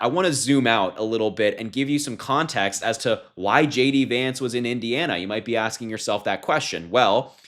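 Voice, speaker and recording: A man's voice: medium pitch, a bit bright. Young male commentator, emphatic, mid-range voice, laughs easily. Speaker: political commentator. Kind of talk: political commentary vlog.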